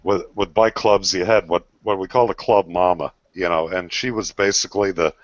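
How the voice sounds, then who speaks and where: A man's voice: low-pitched, fairly even intonation, fairly quick, dry recording. A man in his sixties in casual chat, telling blunt, profane stories. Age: 60s. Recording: dry, dull lo-fi audio.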